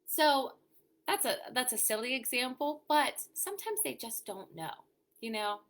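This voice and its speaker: Bright-voiced woman hosting a casual live chat. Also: sits high, very animated, a little slow. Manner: chatty, reads viewer comments aloud and answers them; frequent "you know" and "um" fillers. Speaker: host of a weekly live show for mothers.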